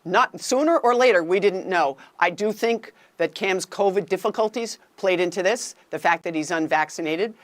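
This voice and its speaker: A woman's voice: on the low side, normal speed, hardly any pauses. Confident woman sports panelist. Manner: confident, plain-spoken. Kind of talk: opinionated sports debate.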